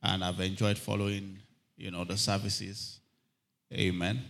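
A man's voice: deep voice, little pitch movement, unhurried, gravelly, a bit bright. A man preaching a sermon, calling for amens from the congregation and reading scripture aloud with rising emphasis. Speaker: pastor.

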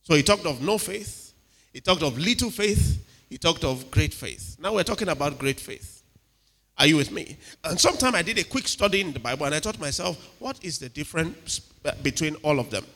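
A man preaching a sermon with animated delivery, acting out quotes and checking in with the congregation. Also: fairly high pitch, brisk. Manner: animated, dramatic, acts out quotes, asks the crowd "are you with me". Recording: reverberant hall.

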